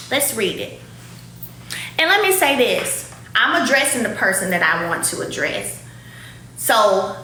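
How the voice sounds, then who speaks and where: Animated woman ranting in an echoey room. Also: a little high. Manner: animated, emphatic, repeats herself. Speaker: show host addressing critics. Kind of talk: casual direct-to-camera rant.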